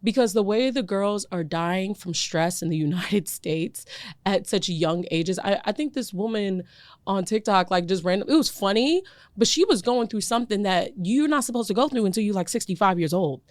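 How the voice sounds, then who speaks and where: Animated woman podcast co-host, dry sound. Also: medium pitch, moderate pace, no room sound. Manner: animated, emphatic and repetitive, laughs often. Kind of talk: casual chat.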